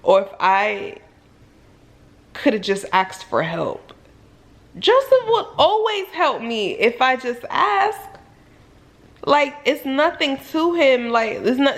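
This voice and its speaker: A woman vlogger telling a personal story in a casual storytime monologue, full of "like"s and sudden high, loud exclamations. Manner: animated, filler-heavy retelling with many "like"s.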